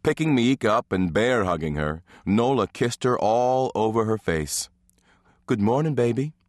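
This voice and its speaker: A man with a lowish voice narrates an audiobook from a script, reading in a measured, even way. The studio recording is clean, with no room sound.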